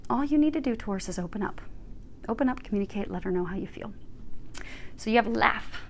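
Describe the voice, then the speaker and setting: A woman talks through a tarot reading in a chatty, earnest way, laughing easily and dropping a casual swear now and then. Her voice sits a little high. A faint hum of room ambience runs underneath. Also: expressive, brisk. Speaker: tarot reader. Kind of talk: casual spiritual card reading.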